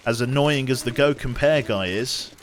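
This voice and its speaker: A man's voice: mid-range voice, normal speed, a little hiss or hum. A young man streaming a survival game, chatting casually and rambling, often restarting his sentences and swearing offhand. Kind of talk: casual live-stream chat while gaming.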